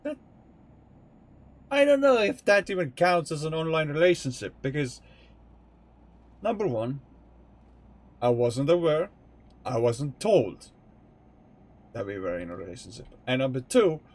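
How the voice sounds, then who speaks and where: A man's voice: a little high, very animated, measured pace, long pauses. A young man streaming live from home, chatting casually while he plays, rambling candidly and swearing freely as he thinks aloud. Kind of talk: casual live-stream chat while playing a truck game.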